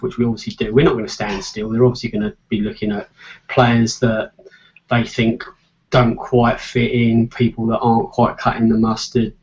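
Opinionated English football podcaster, stammering restarts, mid voice, muffled lo-fi sound. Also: male voice, medium pitch, darkish tone. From England. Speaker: podcast co-host. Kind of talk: casual football chat.

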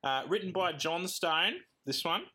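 A man's voice: high voice, measured pace, pushed and bright. A man, co-hosting a podcast in casual chat, joking and laughing often and slipping into silly voices. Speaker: podcast co-host.

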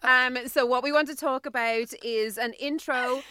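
A woman's voice: sits high, fairly even intonation, normal speed, bright, forceful tone, clear, resonant tone. A woman co-hosting a podcast in casual chat, bubbly and crude, joking and laughing often. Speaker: podcast co-host.

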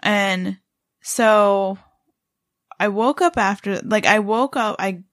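A woman's voice: mid-range voice, takes it slowly, a bit bright, no echo. Woman co-hosting a podcast, rambly casual storytelling, lots of likes and ums, dry close sound. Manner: rambling, many fillers and restarts. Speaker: podcast co-host.

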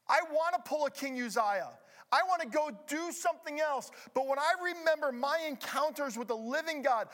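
A middle-aged man preaching with a high, reedy voice. He swings from ringing emphasis down to quiet, confiding asides, the pace speeding up and slowing down as he drives his points home. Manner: dramatic preaching with wide swings between loud emphasis and hushed asides. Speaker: pastor. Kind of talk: sermon.

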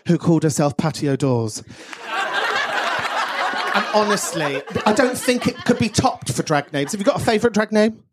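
Man, podcast host, live show with an audience, very animated pitch, laughing, swearing, cheeky banter. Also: normal speed, pauses often, very noisy.

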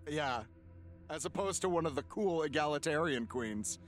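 A man's voice: on the high side, expressive, normal speed, faint music behind. A man narrating a tabletop game as game master, hesitant, with frequent ums and laughs.

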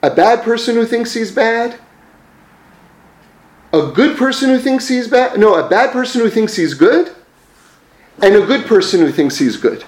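A man's voice: extremely high pitch, lively intonation, unhurried, long pauses, reverberant. A man telling religious teaching stories in a conversational way, with frequent fillers and self-corrections. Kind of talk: storytelling religious lesson.

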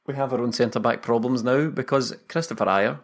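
A man's voice: medium pitch, fast. A Scottish man co-hosting a football podcast, talking casually with frequent restarts and laughter. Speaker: podcast co-host.

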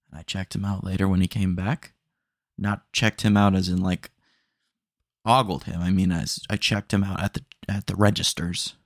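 A young man talks on his own podcast in a loose, rambling, stream-of-consciousness way, dropping "dude" into his stories. His voice sits low and has a gravelly fry to it. The sound is dry and close, with no room around it. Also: no room sound. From Texas. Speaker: podcast host. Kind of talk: casual solo podcast monologue.

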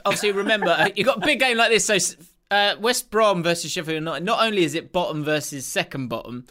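A young man co-hosting a laid-back football podcast reads out the fixtures, rambling and laughing frequently. He talks fast in a high, sharp-toned voice.

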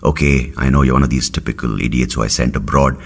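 A man's voice: very deep voice, steady tone, fast talker, gravelly, pitched below the performer's own voice, full character voice. A man quoting his bossy mother, scolding and insistent.

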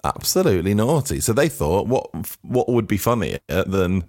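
A man from England in his thirties, a radio host telling stories with wry self-mockery. His voice sits very low but moves a lot, rising and falling as he talks. The studio sound is close and dry. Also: sing-song, moderate pace, a little mellow, dry recording. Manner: chatty, self-deprecating, wry. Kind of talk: casual chat.

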